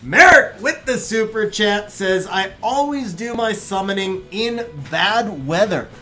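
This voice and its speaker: A man's voice: high voice, expressive, measured pace, bright, forceful tone, soft background music. A young adult man streaming a game live, reading out chat messages in a laid-back way, chuckling often and calling viewers bro.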